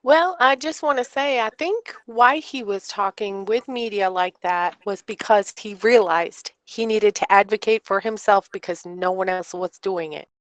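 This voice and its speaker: A woman's voice: medium pitch, a little slow, hardly any pauses, no echo. A woman on a podcast panel, giving a brief, earnest comment in casual talk. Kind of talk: casual chat.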